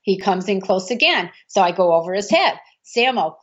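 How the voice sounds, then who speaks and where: A woman's voice: medium pitch, sing-song, a little fast, hardly any pauses, fairly bright tone. A woman telling an anecdote about a film shoot. She acts out what other people said. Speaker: martial arts film actress recounting a film shoot. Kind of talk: anecdotal storytelling. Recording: dull lo-fi recording.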